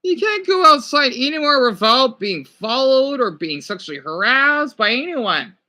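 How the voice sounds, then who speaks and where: A man's voice: very high-pitched, big pitch swings, moderate pace, sharp tone. A middle-aged man reacting on a livestream, ranting in a heated, exasperated way. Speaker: livestream host.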